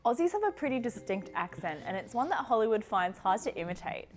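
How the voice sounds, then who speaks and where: A woman's voice: fairly high pitch, very animated, a little fast, background noise. A woman presenting a news explainer with a wry, scripted delivery.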